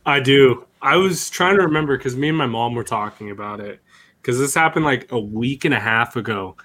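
A man's voice: medium pitch, a little fast, fairly bright tone. A man telling a rambling, profane story in casual podcast chat, laughing as he goes. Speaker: podcast co-host.

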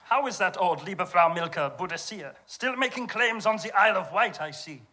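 An actor playing a bullying German centurion captain with a put-on German accent, barking orders in a stage comedy sketch. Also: male voice, high voice, expressive, brisk, bright, forceful tone, full character voice. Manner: barking, menacing.

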